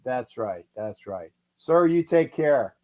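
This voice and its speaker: A man's voice: mid-range voice, expressive, takes it slowly, warm tone. A man hosting a casual live stream with fans, profane and rambling, often repeating himself. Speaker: host of a sports fan live stream.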